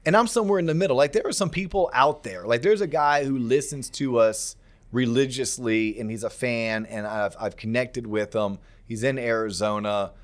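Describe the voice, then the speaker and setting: Male podcast host, emphatic and energetic, middle-range voice. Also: medium pitch, moderate pace. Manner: energetic, emphatic, acts out quoted conversations. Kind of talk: casual podcast chat.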